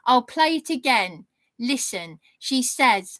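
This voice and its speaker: A woman's voice: on the high side, animated, unhurried, fairly bright tone. A woman vlogger telling an aggrieved story to her viewers in an indignant, rambling way. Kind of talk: aggrieved monologue to camera.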